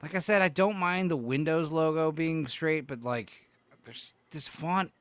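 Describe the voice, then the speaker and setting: A man's voice: fairly high pitch, a little slow, a bit bright, clear, resonant tone, no echo. A man hosting a casual podcast chat, swearing freely and reacting offhand to what he's looking at. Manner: profane, offhand, reacting to logos. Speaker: podcast host.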